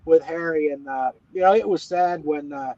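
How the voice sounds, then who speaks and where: A man's voice: on the high side, moderate pace, warm tone, dry recording. A middle-aged man from West Virginia, a former ballplayer guesting on a chat show, telling stories in a rambling, folksy way full of restarts. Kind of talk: casual interview chat. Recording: dull, dry lo-fi audio.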